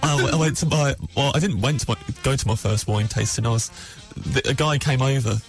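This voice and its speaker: A man's voice: medium pitch, fairly quick, faint music behind. A man on a radio show, telling a rambling comic story, laughing often and acting out bits of dialogue. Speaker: comedian guest telling anecdotes. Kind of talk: casual radio banter.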